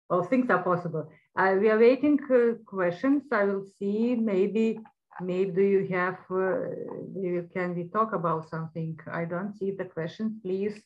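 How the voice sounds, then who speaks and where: A woman moderating a question session, speaking haltingly and searching for words. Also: medium pitch, lo-fi sound. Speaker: event moderator. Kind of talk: hosting a Q&A.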